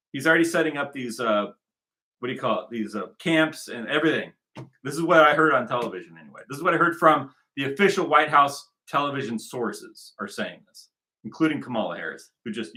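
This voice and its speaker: A man's voice: mid-range voice, bright, forceful tone. An American man from the United States giving sarcastic, rambling commentary on news clips and often repeating phrases.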